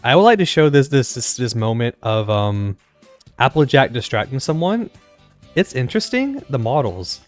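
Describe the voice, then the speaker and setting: A man's voice: mid-range voice, very animated, moderate pace, soft background music. A man co-hosting a podcast, chatting casually and dropping brief wry remarks. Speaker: podcast co-host. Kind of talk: casual chat.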